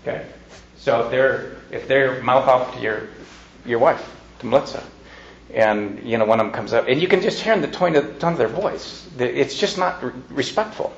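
A man's voice: medium pitch, moderate pace, creaky, slight background noise. A man giving informal parenting advice to an audience in a folksy way, acting out quoted lines as he goes. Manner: folksy, acts out quoted lines with shifting loudness. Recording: dull lo-fi recording.

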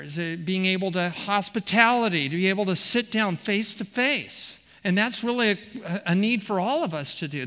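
A man's voice: high-pitched, sharp tone. A man preaching an expository sermon, stressing words by repeating them and putting questions to the congregation. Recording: long reverb of a large hall.

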